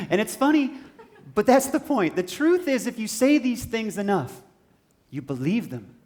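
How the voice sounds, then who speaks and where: A man giving an inspirational stage talk in a large hall, emphatic and repetitive, building up to shouting. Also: high voice, big pitch swings, moderate pace. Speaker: motivational speaker.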